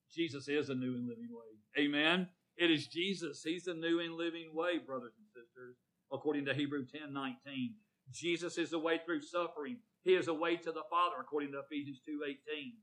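Bright-voiced preacher man. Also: fairly high pitch, steady tone, a little fast, poor audio. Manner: calls on congregation members by name, asks for amens; swells loud on emphasis, drops to near murmur. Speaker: pastor. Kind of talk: sermon.

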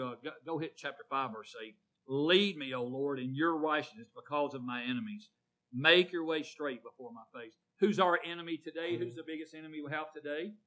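A male pastor preaching a sermon, calling on his congregation by name and asking for amens, rising loud on key words and dropping low. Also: low-quality recording. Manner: calls on congregation members by name, asks for amens; swells loud on emphasis, drops to near murmur.

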